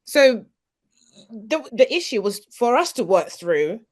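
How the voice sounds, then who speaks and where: A woman's voice: fairly high pitch, big pitch swings, slow pace. Earnest woman on a podcast panel. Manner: earnest, restarts often, stresses key words. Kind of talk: casual panel discussion.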